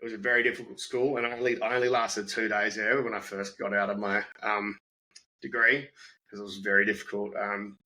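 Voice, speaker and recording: A man's voice: fairly low pitch, brisk, poor audio. A young Australian man, a comedian and former teacher, telling anecdotes in a casual chat and acting out the voices. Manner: animated, acts out voices in anecdotes.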